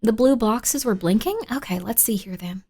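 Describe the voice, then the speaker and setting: A woman streaming a spooky game, chatting playfully with viewers, dropping to whispers while searching and bursting into excited shouts. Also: on the high side, moderate pace. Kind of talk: casual live-stream gaming chat.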